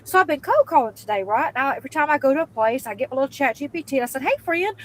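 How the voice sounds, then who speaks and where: A woman who works in sales, telling a story casually and acting out each person's lines with quick voice changes and blunt swearing. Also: high voice, slight background noise, poor audio. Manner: animated, acts out dialogue with quick voice changes.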